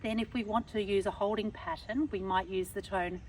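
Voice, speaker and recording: A woman's voice: mid-range voice, fairly even intonation, normal speed, darkish tone. Woman dog trainer explaining commands outside, kinda far off mic, light background noise. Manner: patient, demonstrates tones of voice as she explains. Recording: somewhat distant mic, faint background noise.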